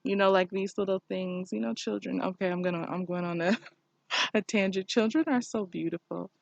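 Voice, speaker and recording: A woman's voice: medium pitch, fairly even intonation, fairly quick, creaky, no room sound, dull audio. A woman talking candidly to camera in a personal vlog, reflective and meandering. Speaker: vlogger.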